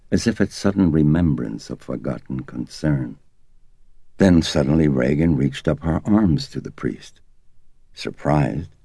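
A man reading an audiobook in measured, expressive scripted narration, close to the mic. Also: rumbling low, creaky, dry recording.

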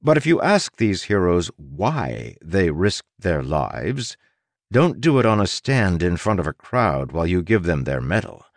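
A man narrating an audiobook in a wry manner, with dramatic pauses and stretched emphasis. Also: low voice, big pitch swings, no room sound, studio quality. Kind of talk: scripted narration.

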